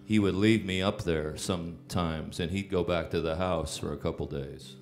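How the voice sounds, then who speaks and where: Low-voiced man telling rambling stories. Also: fairly even intonation, moderate pace, faint music behind. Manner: rambling, with frequent fillers and restarts, breaks into laughter. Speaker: songwriter telling stories on stage. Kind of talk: casual anecdotal storytelling.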